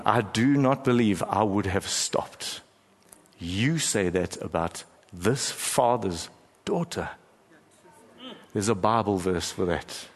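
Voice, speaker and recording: A middle-aged male pastor preaches with a fairly low voice and a storyteller's sense of timing. He stretches out key phrases and pauses for weight. The sound rings with the long reverb of a large church hall. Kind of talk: sermon.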